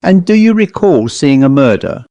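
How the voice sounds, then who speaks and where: A man's voice: fairly high pitch, very animated, moderate pace, warm tone, no echo, studio quality. Man doing a provincial village constable. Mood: inquisitive. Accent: provincial English. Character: rotund mid-thirties male village constable, proud.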